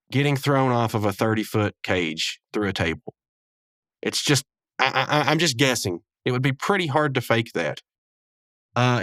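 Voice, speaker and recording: A man's voice: mid-range voice, a bit bright, no echo, studio quality. A man hosting a podcast, recapping an episode in a rambling, chuckling way with many asides. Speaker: podcast host.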